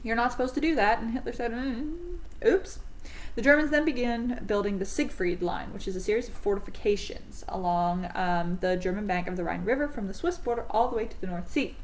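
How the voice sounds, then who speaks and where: A woman's voice: medium pitch, a little fast, hardly any pauses, a little hiss or hum, low-quality recording. A woman teaching a history class in a casual, chatty way, with frequent ums and self-corrections.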